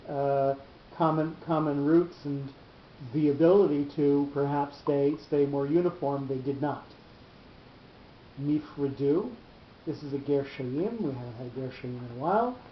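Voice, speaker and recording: A man teaching a Bible class on cantillation marks, explaining each reading mark in a halting way and often repeating his words. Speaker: Torah teacher. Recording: roomy, dull lo-fi recording with faint rumble.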